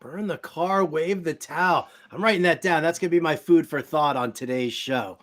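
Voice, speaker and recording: A man hosts a casual sports talk show with a fairly high voice. He teases his guest in a playful, game-show manner. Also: moderate pace, fairly bright tone. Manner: playful, teasing, game-show style quizzing.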